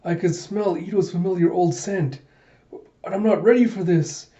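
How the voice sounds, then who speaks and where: A hot-headed young cyborg heroine blurts out her thoughts in flustered bursts, as a man reads her part aloud. The voice is mellow and a little high, and the recording is dull and lo-fi. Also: normal speed, close to an everyday voice. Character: fiery young female cyborg warrior.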